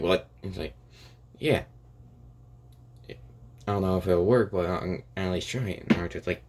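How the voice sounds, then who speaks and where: A man's voice: low voice, darkish tone. A young man improvising a rambling fan story aloud, full of restarts and "and he's like" asides. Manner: rambling, many restarts and "and it's like".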